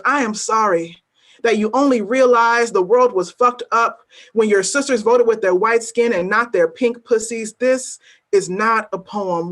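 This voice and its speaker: A woman poet at an open mic, chatting briefly and then reading her spoken-word poems in a measured, weighty delivery with pointed repetition. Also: fairly high pitch, fairly bright tone. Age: adult working as a teacher.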